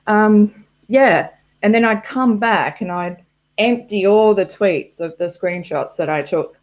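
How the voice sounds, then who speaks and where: A woman chatting on her own live stream in a slow, drawn-out way. She rambles from one story to the next, swears freely and laughs at her own muddles. She is heard through a laptop microphone. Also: mid-range voice. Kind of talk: casual live-stream chat. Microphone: laptop mic.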